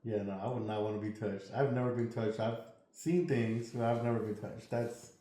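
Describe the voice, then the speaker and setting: A man's voice: on the low side, steady tone, normal speed, warm tone. A man hosting a podcast interview, chatting casually and sharing his own story. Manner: reactive, laid-back listener. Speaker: podcast host. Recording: echoey room.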